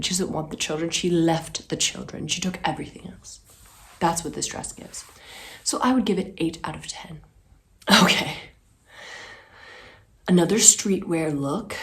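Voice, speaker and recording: A young adult woman giving sassy, expressive, casual commentary as a fashion vlogger, swearing for emphasis. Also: low-pitched.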